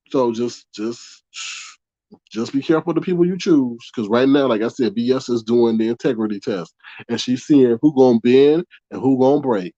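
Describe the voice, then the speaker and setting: A man's voice: medium pitch, mellow, no echo, lo-fi sound. A man hosting a casual livestream commentary in a blunt, chatty way, swearing freely.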